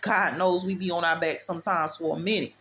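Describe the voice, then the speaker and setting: A woman with a lowish, fairly bright voice and fairly even intonation speaks a little fast as she gives a preachy motivational testimony. She repeats herself with emphasis, uses street talk, and calls the listener "baby."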